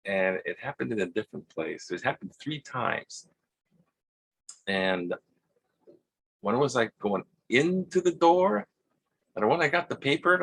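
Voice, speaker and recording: Husky-voiced man rambling through a story. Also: lowish voice, fairly bright tone. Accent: Hawaiian. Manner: halting, repeats words, acts out quotes. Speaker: vlogger.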